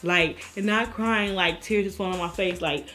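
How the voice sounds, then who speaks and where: A woman's voice: medium pitch, normal speed, fairly bright tone, faint music behind. A young woman, telling a story in a casual vlog and acting out the people in it. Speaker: vlogger.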